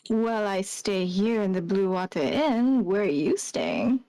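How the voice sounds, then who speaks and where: A woman's voice: mid-range voice, very animated, unhurried, warm tone, dry recording. A woman playing a tabletop game, teasing and flirty in character. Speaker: player.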